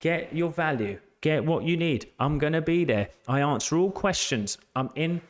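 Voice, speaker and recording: A man's voice: a little high, animated, moderate pace. A man working as a life coach, talking to camera in an earnest, emphatic way and repeating key phrases. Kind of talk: motivational talk to camera.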